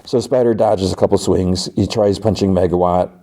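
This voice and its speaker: A man's voice: deep voice, steady tone, moderate pace, dark tone. A man hosting a podcast who gives a loose, casual recap of an episode, often filling gaps with "like" and "uh". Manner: loose retelling full of "like" and "uh". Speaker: podcast host.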